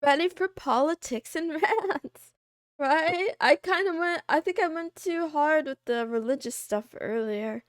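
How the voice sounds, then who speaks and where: High-pitched woman streamer, slow and playful. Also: no echo, studio quality. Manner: playful, greets chat by name, meows and giggles; complaining, self-deprecating. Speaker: VTuber streamer. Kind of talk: casual live-stream chat.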